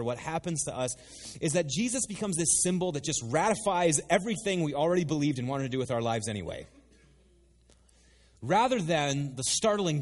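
Animated preacher in a reverberant hall. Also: male voice, a little high. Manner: animated, conversational preaching with playful asides. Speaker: pastor. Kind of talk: sermon.

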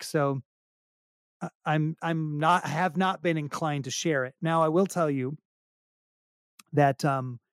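This middle-aged singer-songwriter has a fairly high pitch, captured in studio quality without room sound. As a podcast interview guest he chats casually, poking fun at himself and wandering through many false starts.

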